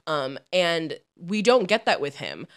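A woman's voice: fairly low pitch, very animated, unhurried. A woman co-hosting a podcast in casual chat, rambling with lots of fillers and frequent laughs. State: lingering brain fog from illness. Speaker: podcast co-host.

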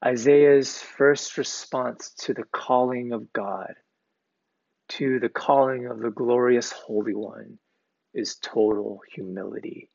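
Slow gravelly-voiced man preaching. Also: mid-range voice, steady tone, a little mellow. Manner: deliberate, emphatic repetition of key words. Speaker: pastor. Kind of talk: sermon. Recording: dull, lo-fi recording.

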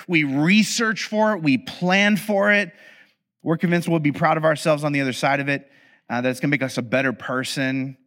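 A man speaks to an audience in a relaxed storytelling way, sliding into funny asides. His voice sits a little high and sounds bright and forward. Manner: animated, acts out quoted dialogue; humorous, confiding asides. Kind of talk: conversational storytelling talk.

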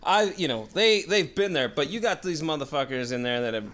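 A man co-hosting a podcast in casual chat, blunt and swearing, with halting restarts. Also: on the high side, sing-song, a bit bright. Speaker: podcast co-host.

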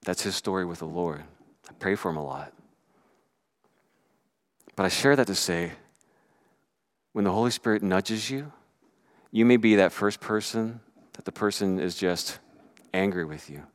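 A middle-aged man preaching a sermon, telling stories in an animated way and swinging from loud to hushed. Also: low voice, unhurried, long pauses. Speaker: pastor.

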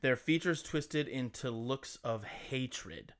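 A man's voice: mid-range voice, slow pace, fairly bright tone. A man co-hosting a podcast, reading a scary story and bantering in a joking, crude, playful way. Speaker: podcast co-host.

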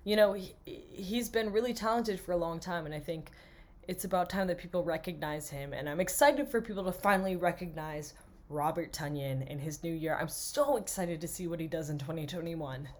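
Chatty young woman, slightly low voice. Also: fairly quick. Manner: chatty, enthusiastic, laughs often. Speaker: podcast co-host. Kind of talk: casual sports chat.

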